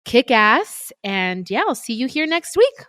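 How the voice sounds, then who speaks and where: A woman's voice: on the high side, big pitch swings, a little slow, a bit bright, no echo. A woman hosting a podcast in casual chat, laughing often and slipping into Spanish. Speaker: podcast host.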